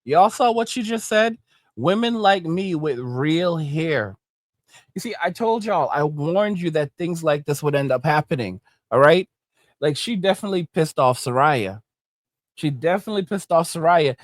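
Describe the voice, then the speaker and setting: A man's voice: fairly high pitch, normal speed, no room sound, clean studio sound. A man hosting an online commentary show, delivering preachy, moralizing rants with a mocking edge. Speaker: commentary channel host.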